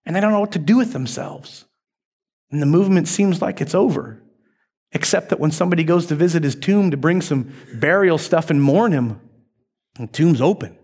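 A male pastor preaching a sermon, retelling a story in a lively, conversational way. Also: a little high, moderate pace, breathy edge.

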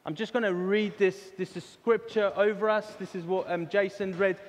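A man preaching a sermon in a church hall, earnest and halting, often restarting his words. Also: high-pitched, steady tone, a little hiss or hum. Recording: reverberant church hall with soft music.

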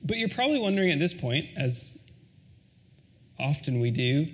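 Earnest preacher, fairly high male voice. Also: sing-song, normal speed. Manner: earnest, asks the listeners questions, drops to a soft near-hush on key lines. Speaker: pastor. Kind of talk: sermon.

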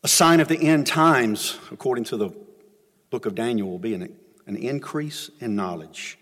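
A middle-aged pastor, preaching a sermon in a folksy storytelling way that swings between loud and soft. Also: male voice, mid-range voice, animated, moderate pace, long reverb tail. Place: church sanctuary.

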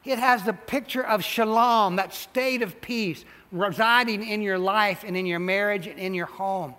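Male pastor, high bright voice, emphatic sermon delivery, reverberant church hall. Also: measured pace. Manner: animated preaching, repeats and stresses phrases. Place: church sanctuary.

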